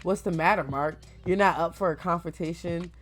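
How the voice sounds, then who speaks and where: A snide male ex-boss who confronts and taunts a former worker, read aloud by a reaction host. The voice is pitched higher and louder than the reader's own. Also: normal speed, faint music behind, lightly acted. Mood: taunting.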